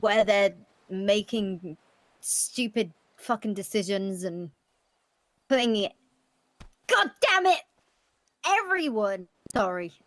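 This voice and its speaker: A woman's voice: mid-range voice, expressive, takes it slowly, no echo. A woman role-playing a blunt, hot-tempered character who stammers, swears and keeps apologizing. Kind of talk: improvised role-play chat.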